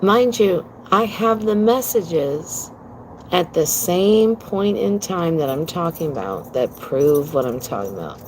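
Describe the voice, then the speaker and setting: A woman's voice: on the low side, lively intonation, a little slow, slight background noise, poor audio. A woman livestreaming from home on her phone, telling a story to her viewers in a blunt, profane, emphatic way and calling them "girl". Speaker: livestream host.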